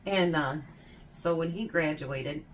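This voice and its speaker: A woman in her fifties talks her way through baking in a home kitchen, swapping family stories and laughing often. Her voice sits low and easy, and a faint hum runs under the recording. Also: takes it slowly. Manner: chatty storytelling, laughs often. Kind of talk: casual chat while baking.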